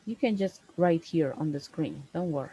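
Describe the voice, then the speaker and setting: A woman, teaching a one-on-one English lesson over a video call, explaining slowly and stressing key words. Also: deep voice, dark tone, husky, rough recording.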